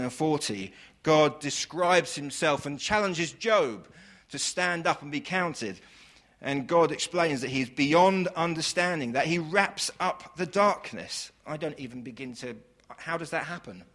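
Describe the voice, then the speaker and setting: A man preaching a sermon, piling up long lists of praise words and swinging from loud declarations to hushed, slow lines. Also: fairly high pitch.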